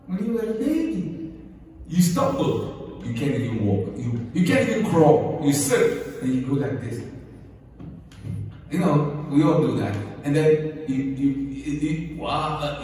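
Male guest preacher, lively sermon voice, heard from a distance in a big echoing hall. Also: a little slow. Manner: animated, acts out scenes with sudden high exclamations. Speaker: guest lecturer. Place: mosque hall. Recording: distant mic in a very echoey hall.

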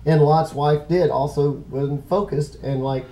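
Middle-aged man, casual Bible teacher, rambling and self-correcting, mellow voice, faint hiss behind. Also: a little high, steady tone, moderate pace, hardly any pauses, rough recording.

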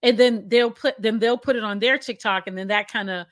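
A woman co-hosting a casual conversation, chatty and quick to laugh, filling her sentences with "like.". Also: fairly high pitch, fairly even intonation, no echo, studio quality. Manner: chatty and laughs often, heavy use of "like".

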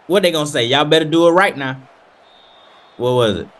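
A young man giving casual play-by-play commentary while playing a football video game, animated, hyped and trash-talking. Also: a little high, a little fast. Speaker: gaming video creator.

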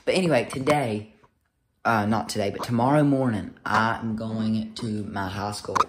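A young man, vlogging casually to camera, excitable and rambling with restarts. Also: fairly low pitch, moderate pace, noisy background. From United States.

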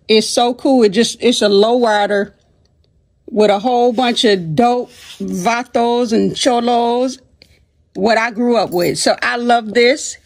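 A woman hosting a casual vlog, upbeat and uplifting, calling her viewers honey and sweetheart and cheering them on with faith-filled encouragement. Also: a little high. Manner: sprinkles speech with endearments like honey and sweetheart. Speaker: vlog host.

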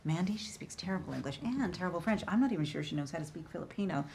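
An actress playing a frantic, bossy wealthy hostess giving brisk commands. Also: female voice, on the low side, lively intonation, gravelly, darkish tone, slight background noise. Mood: snobbish.

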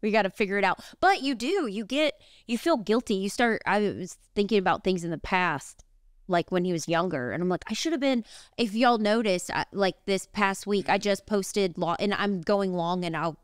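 A woman's voice: mid-range voice, moderate pace, smooth, no room sound, clean studio sound. A woman, co-hosting a podcast in casual, rambling chat. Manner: chatty, rambling, lots of "like". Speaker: podcast co-host.

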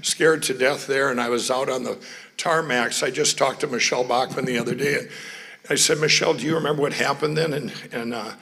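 A man's voice: medium pitch, fairly even intonation, brisk, gravelly, sharp tone. A man from Minnesota, telling rambling stories in a speech, often sidetracked and laughing. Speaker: guest speaker. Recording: long hall reverb.

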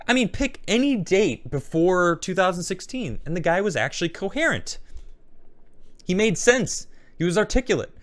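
A man's voice: high-pitched, sing-song, normal speed, no echo. A man hosting a show, chatting casually and rambling as he reacts to memes one after another. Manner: rambling, chatty, thinks aloud. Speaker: host.

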